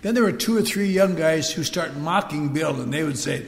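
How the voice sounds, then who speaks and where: An older man with a voice on the high side speaks at a normal pace in an animated way, telling wry, rambling personal stories at a recovery meeting and tossing asides to the crowd. He's in a large meeting hall, and the recording echoes with faint noise.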